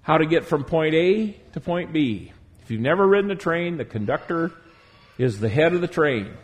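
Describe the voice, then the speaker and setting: Male pastor, sermon to a congregation, emphatic, stretches key words, slightly high voice. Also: animated, normal speed. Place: church before a congregation.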